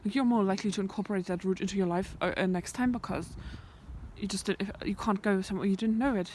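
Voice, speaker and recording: Speaking quickly in a mid-range, darkish voice, this vlogger muses to her camera during a countryside walk beside a fence. She wanders from thought to thought and often lowers her voice to a whisper, while birds and sheep sound in the background along with slight noise.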